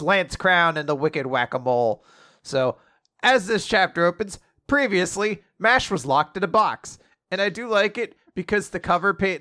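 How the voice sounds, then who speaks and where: A man's voice: fairly high pitch, sharp tone, no echo, studio quality. A man co-hosting a casual show who recaps comic chapters in a loose way and laughs easily. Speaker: podcast co-host.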